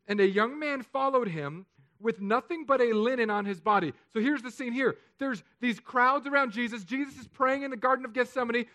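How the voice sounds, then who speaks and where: Bright-voiced, animated male preacher. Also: extremely high pitch. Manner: animated, joking storytelling with hushed, solemn turns. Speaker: pastor. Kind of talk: sermon.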